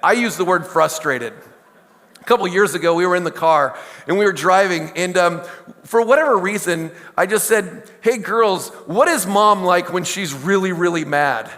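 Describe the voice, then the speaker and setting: A man's voice: high voice, moderate pace, fairly bright tone. Conversational male pastor in a reverberant church. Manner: conversational, storytelling with asides and questions to the congregation. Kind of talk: sermon. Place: church sanctuary.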